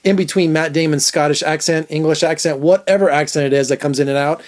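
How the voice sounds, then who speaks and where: A male film critic with a fairly high voice talks through a movie review in a loose, off-the-cuff way. He is opinionated and conversational, stumbling and restarting as he goes. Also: fairly even intonation, fast. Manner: chatty and opinionated, many fillers and restarts. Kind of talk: casual spoken movie review.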